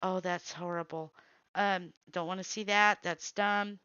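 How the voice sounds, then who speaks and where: A woman hosting a casual show, giving blunt running commentary and waving off what she doesn't like. Her voice is bright, smooth and crisp, and she speaks unhurriedly. The sound is dry and a little dull, like a simple home setup. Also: lowish voice, steady tone, no room sound. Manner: blunt, reactive, quick to say nope. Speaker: host. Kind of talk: casual running commentary while scrolling videos.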